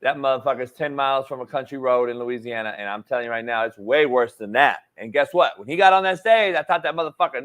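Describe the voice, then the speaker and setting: A man's voice: mid-range voice, quick pace, hardly any pauses, a bit bright. A man hosting a casual sports talk show, a football coach who talks bluntly and swears a lot. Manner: blunt, profane, emphatic.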